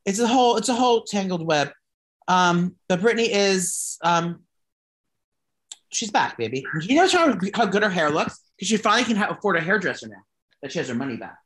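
A gay man co-hosting a casual gossip chat, swearing freely and telling animated stories full of fillers. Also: high-pitched, brisk. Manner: profane, animated storytelling with lots of fillers. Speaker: podcast co-host.

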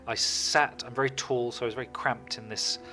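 A man being interviewed, chatting casually and telling animated stories about his work. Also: mid-range voice, brisk, faint music behind. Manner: animated, lively storytelling, puts on voices. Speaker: guest filmmaker.

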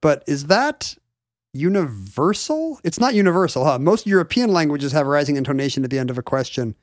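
A man co-hosting a casual chat, wondering aloud with wry quick asides. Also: a little high, big pitch swings, no echo, clean studio sound.

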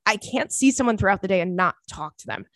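A woman hosting a podcast in casual chat, an animated, chatty storyteller who breaks into playful squeals. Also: mid-range voice, fast talker, no room sound, studio quality. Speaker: podcast host.

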